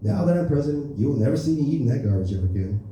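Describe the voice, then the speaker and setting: Man doing a pompous crude elder statesman impression, very dark mellow tone, echoey club heard from a distance. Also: medium pitch, lively intonation, racing, slight background noise, natural voice. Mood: boastful. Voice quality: brash, rambling, self-important. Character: boastful crude older male politician. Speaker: stand-up comedian. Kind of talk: stand-up impression. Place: comedy club open mic. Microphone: stage microphone. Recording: echoey room from far off.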